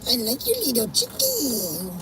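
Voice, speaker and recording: A man's sped-up voice as a squeaky drive-thru lady. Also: huge pitch swings, unhurried, background noise, full character voice. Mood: teasing. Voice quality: squeaky, childlike. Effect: sped-up pitch-shifted voice.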